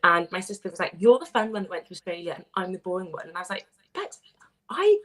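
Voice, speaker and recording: A woman in her thirties from Wales, a playwright chatting on a radio show, telling stories with bubbly, animated quoting. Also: lowish voice, rapid-fire. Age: 30s. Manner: bubbly, animated storytelling with quoted voices. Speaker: playwright guest. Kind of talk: casual radio interview.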